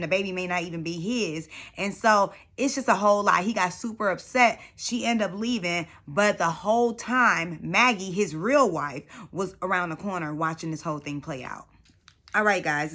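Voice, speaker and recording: A woman hosting a casual reality show recap, animated and slangy with plenty of profanity. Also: lowish voice.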